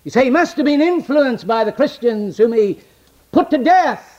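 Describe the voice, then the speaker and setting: A man preaching a sermon, swinging between loud declamation and hushed near-whisper, quoting scripture in old-fashioned wording. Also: very high voice, animated, normal speed, highs cut off.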